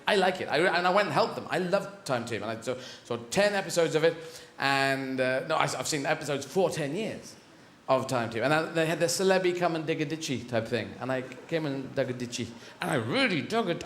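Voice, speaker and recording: A man's voice: a little high, expressive, brisk, a bit bright, slight background noise. A man performing a rambling, digressive stand-up routine on a large theatre stage, heard with audience laughter in an echoey hall. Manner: rambling, digressive, self-correcting. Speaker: stand-up comedian.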